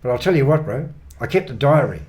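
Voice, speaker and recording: A man's voice: mid-range voice, animated, fast talker, a little mellow, close to an everyday voice. A man voicing a laid-back, weathered New Zealand trekker who talks in an offhand, blokey way, with a New Zealand accent. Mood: relaxed.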